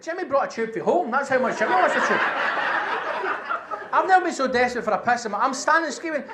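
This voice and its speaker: Brash, sweary Glaswegian stand-up comic. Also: male voice, extremely high pitch, animated, brisk, long pauses. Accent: Scottish, Glasgow. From Scotland. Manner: brash, sweary storytelling, frequent "right?". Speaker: stand-up comedian. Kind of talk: stand-up comedy set. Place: comedy venue on stage. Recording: roomy live club with faint noise.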